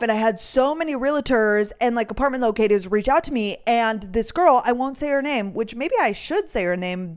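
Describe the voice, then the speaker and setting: A young woman, hosting a podcast and chatting casually through a rambling storytime. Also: on the high side. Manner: bubbly, chatty, rambling with lots of "like". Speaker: podcast host.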